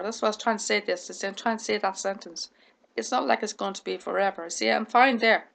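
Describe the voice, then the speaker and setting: A woman's voice: mid-range voice, steady tone, fairly quick, gravelly, a bit bright. A woman vlogger talking to camera with a stammer, repeating words, restarting sentences and running out of breath at the ends of sentences. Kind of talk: casual talk to camera.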